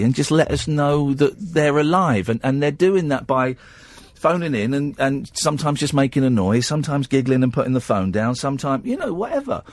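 A man's voice: medium pitch, no room sound. A man with an English accent hosting a late-night radio phone-in, rambling and teasing with lots of stammered restarts. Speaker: radio host. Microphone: studio microphone.

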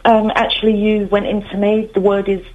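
A woman's voice: medium pitch, little pitch movement, moderate pace, phone-quality sound. A woman caller on a radio phone-in, speaking hesitantly with many fillers.

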